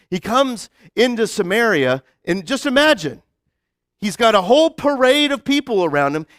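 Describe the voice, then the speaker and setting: A man with a high voice preaches a casual, storytelling sermon, bouncing his pitch all over as he acts out each character. He talks in a chatty rush of "like" and restarts. The sound is close and dry. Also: no echo. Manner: chatty, full of "like" and restarts, acts out quoted lines. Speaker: pastor. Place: church sanctuary.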